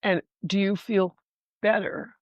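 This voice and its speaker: A woman Shakespeare scholar talking candidly in a relaxed lecture style, often checking in with "right?" and swearing casually. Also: medium pitch, takes it slowly, no room sound. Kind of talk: conversational lecture with readings.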